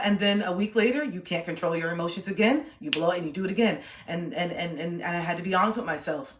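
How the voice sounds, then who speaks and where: A woman's voice: lowish voice, quick pace, hardly any pauses, roomy sound. A woman giving relationship advice on a livestream, talking emphatically and repeating her points. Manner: emphatic, repetitive, acts out quoted voices.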